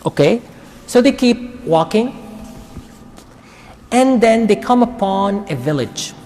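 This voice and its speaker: A man teaching a Quran study circle, retelling a story in a casual, conversational way with quick asides. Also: high-pitched, expressive, darkish tone. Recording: long reverb of a large hall.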